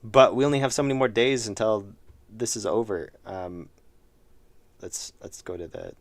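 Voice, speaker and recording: A man's voice: on the low side, moderate pace, dry recording. A man streaming his indie game work, chatting casually with viewers in a rambling, self-deprecating way while losing his voice. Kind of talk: casual live-stream chat.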